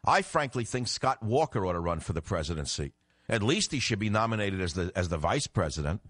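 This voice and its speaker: A man's voice: on the low side, big pitch swings, brisk, no room sound, studio quality. Indignant older man hosting talk radio. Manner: forceful, indignant, emphatic. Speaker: radio talk show host. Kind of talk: political talk radio commentary.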